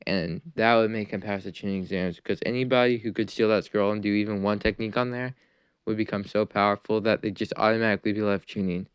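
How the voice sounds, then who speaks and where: A man's voice: lowish voice, clean tone, dry recording, highs cut off. A man casually narrating a fan-made what-if anime story, rambling with fillers and restarts.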